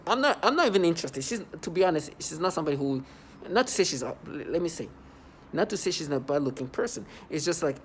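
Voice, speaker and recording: A man's voice: on the high side, slight background noise. Scornful man ranting at viewers. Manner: rambling, scornful, repeats himself; breaks into mocking laughs. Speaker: vlogger. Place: New York City.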